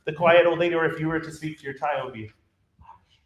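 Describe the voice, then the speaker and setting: A man's voice: a little high, rapid-fire. A man leading a choir rehearsal, explaining rhythm and diction and demonstrating phrases by speaking and singing them. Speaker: choir director. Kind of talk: rehearsal instruction. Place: rehearsal room. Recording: roomy echo with faint ambience.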